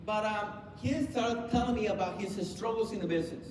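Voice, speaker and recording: A man's voice: high-pitched, a little fast, few pauses, a little hiss or hum. A man giving a motivational business seminar to a live audience, talking emphatically and firing questions at the crowd. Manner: emphatic, repetitive, quizzes the crowd with call-and-response questions. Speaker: business trainer speaking to an audience. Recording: echoey hall, voice from far off.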